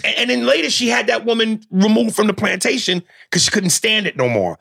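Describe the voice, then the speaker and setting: A man co-hosting a casual talk show, retelling a film scene with lively, animated delivery. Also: high voice, fairly quick, vocal fry, hardly any pauses, no room sound, clean studio sound. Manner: animated storytelling, acting out scenes in mimicked voices. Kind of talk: casual chat.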